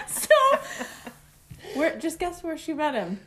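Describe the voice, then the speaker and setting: A woman's voice: sits high, wildly swooping pitch, slow pace. A young woman in a casual talk, animatedly recounting a personal story and laughing often as she tells it. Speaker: guest telling a personal story.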